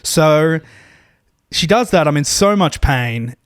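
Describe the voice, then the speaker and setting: A man's voice: fairly high pitch, animated, slow pace, smooth, dry recording, clean studio sound. A man co-hosting a podcast, telling a long, rambling, self-deprecating story in a casual, profane way, full of restarts. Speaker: podcast co-host.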